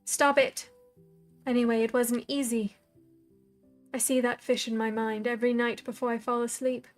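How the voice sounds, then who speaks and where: A woman's voice: on the high side, flat delivery, faint music behind, natural voice. A woman voicing a frightened, pleading young woman. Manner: earnest, pleading, halting.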